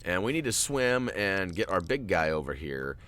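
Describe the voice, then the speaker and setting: Male walkthrough host, lower voice, very lively delivery, chatty and jokey, faint background hiss. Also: moderate pace. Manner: jokey, chatty, talks to viewers. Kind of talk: casual game commentary.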